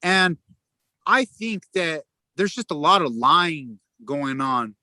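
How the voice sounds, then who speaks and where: A man's voice: fairly high pitch, lively intonation, slow pace, sharp tone, no echo. A man who is a professional fighter, speaking bluntly and loosely in an interview, with many fillers. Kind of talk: casual interview talk.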